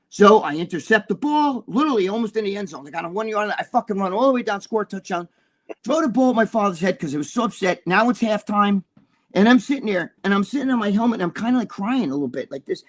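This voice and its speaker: A man's voice: high-pitched, animated, fast talker. A man in his sixties, co-hosting a casual chat and telling profane, heated stories. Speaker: co-host.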